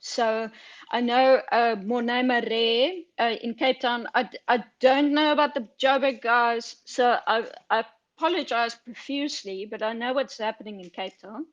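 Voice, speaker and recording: A woman talks slowly in a fairly high voice, with plenty of fillers and asides. She sounds candid and chatty as a film editor answering questions. Her voice comes through a video call. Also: fairly even intonation, muffled recording. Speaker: film editor, guest speaker. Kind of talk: online Q&A talk.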